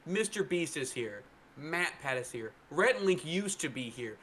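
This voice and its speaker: A man's voice: a little high, moderate pace, a little hiss or hum. A man co-hosting a podcast, telling casual anecdotes in a rambling way, full of "like" and quoted voices. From North Carolina. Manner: rambling storyteller, lots of "like", does excited voices for people he quotes. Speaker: podcast co-host. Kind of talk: casual chat.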